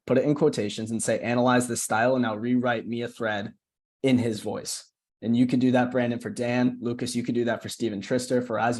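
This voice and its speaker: A man's voice: medium pitch, a little mellow. Chatty man coaching on a video call. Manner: chatty, keeps asking "right?", restarts phrases. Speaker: marketing coach. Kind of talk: casual screen-share tutorial.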